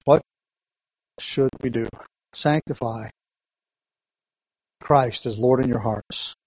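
A man's voice: medium pitch, takes it slowly, a little mellow, husky, low-quality recording. A man preaching a sermon, teaching earnestly with rhetorical questions and emphatic repetition, reading scripture aloud. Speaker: pastor.

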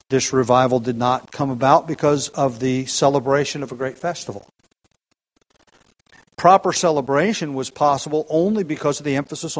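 A man preaching a sermon at an evening church gathering, earnest and deliberate, slowing down and rising in force on key points. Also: medium pitch, rough recording. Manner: earnest, builds emphasis by slowing down and getting louder.

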